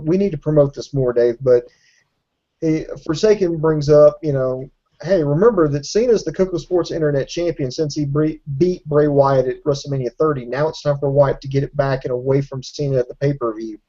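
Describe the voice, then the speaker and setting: Casting: man, high-pitched, warm and dark tone, conversational questioner, lo-fi podcast audio. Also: fairly quick. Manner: questioning, reads listener comments. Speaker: podcast co-host. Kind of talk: casual wrestling podcast chat.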